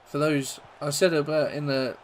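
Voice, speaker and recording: A young man from England casually commentating his own football video game, rambling between plays and shouting when goals go in. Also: fairly high pitch, moderate pace, a little hiss or hum. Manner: chatty, rambling, bursts into excited goal shouts. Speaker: gaming YouTuber.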